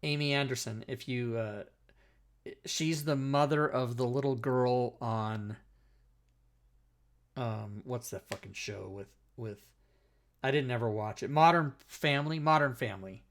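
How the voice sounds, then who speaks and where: A man's voice: mid-range voice, steady tone, slow, pauses often. Rambling, profane man telling a story. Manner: rambling, profane, self-interrupting. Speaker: talk show host. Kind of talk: casual storytelling chat.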